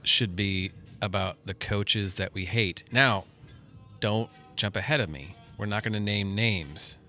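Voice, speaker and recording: A man with a low voice that has a crisp, forward edge. He co-hosts a casual podcast chat and keeps it on track in an easygoing way. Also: unhurried, pushed and bright, soft background music. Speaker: podcast co-host.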